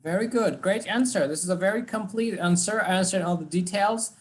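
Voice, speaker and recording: A man teaching English, giving encouraging feedback and drilling pronunciation slowly. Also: high voice. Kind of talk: online class feedback.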